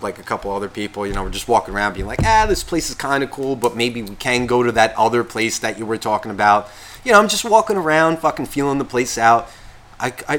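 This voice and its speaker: Profane animated storytelling man, bright voice. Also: medium pitch. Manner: profane, animated, acts out quotes. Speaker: podcast co-host. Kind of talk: casual storytelling.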